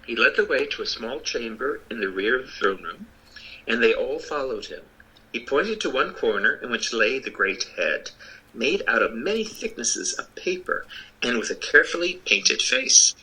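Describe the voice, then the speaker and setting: Expressive American man reading a storybook. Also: mid-range voice, moderate pace, rough recording. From United States. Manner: expressive, occasional slips and restarts. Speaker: literary scholar reading aloud.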